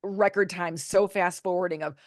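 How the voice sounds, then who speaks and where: A woman's voice: lowish voice, normal speed, no echo, clean studio sound. Candid woman telling a personal story. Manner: candid, animated retelling with acted-out quotes. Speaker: podcast guest, author.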